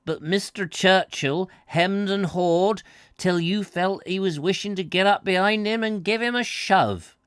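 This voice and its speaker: A man's voice: high voice, a little slow, fairly bright tone, clear, resonant tone, dry recording, clean studio sound, pitched above the performer's own voice. A man voicing a talkative old countrywoman with a forthright rural way of speaking, in a live storybook reading.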